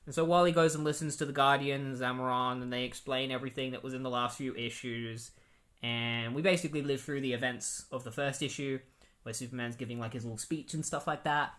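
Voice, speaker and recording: A man's voice: medium pitch, fairly even intonation, a little fast, fairly bright tone. Casual man retelling a comic story. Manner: rambling, lots of fillers. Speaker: comic book reviewer.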